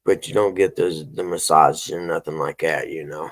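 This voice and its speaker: A man's voice: a bass voice, fairly even intonation, normal speed. A middle-aged man, hosting a casual morning show and telling rambling, folksy stories. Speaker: host.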